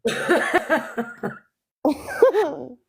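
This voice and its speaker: A woman's voice: sits high, big pitch swings, extremely slow, vocal fry. A woman co-hosting a casual live stream, teasing and laughing often.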